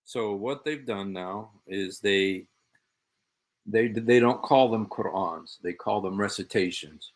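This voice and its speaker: A man's voice: fairly low pitch, slow. Emphatic, sarcastic male commentator. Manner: sarcastic, repeats quoted phrases pointedly; emphatic, addresses an absent opponent directly. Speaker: show host. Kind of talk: commentary on played clips.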